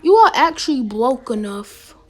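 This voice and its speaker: A woman's voice: a little high, sing-song, normal speed, darkish tone, soft background music. A woman giving casual, playful gameplay commentary as a game streamer, teasing other players and often dropping into a whisper.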